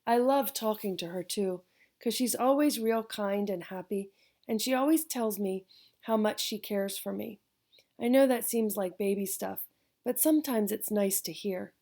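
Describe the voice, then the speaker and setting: A woman reading a first-person audiobook narration in an even, unhurried way. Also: medium pitch.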